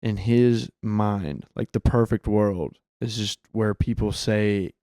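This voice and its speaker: A man's voice: lowish voice, steady tone, slow pace, dark tone, smooth, dry recording, clean studio sound. A man co-hosting a casual film podcast, rambling and restarting his sentences, swearing freely. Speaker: podcast co-host.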